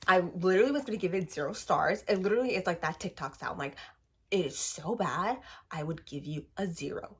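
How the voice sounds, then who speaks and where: A woman in her twenties, still getting over a cold, ranting fast and animatedly in a casual book review. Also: fairly low pitch, slightly rough. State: recovering from a cold. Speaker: book vlogger.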